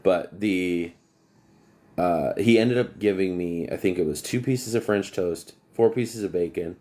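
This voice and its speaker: Low, mellow-voiced man chatting on a livestream. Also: unhurried. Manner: rambling, long-winded, breaks off to greet viewers. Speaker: HVAC technician hosting a livestream. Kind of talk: casual livestream storytelling.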